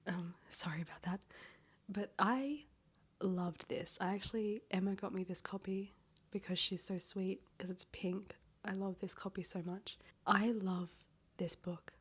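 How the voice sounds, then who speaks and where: A woman speaks in a breathy near-whisper with a husky, hoarse edge that keeps cracking. She chats and rambles through a casual book-review vlog and swears now and then. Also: medium pitch, fairly even intonation, unhurried. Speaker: book vlogger.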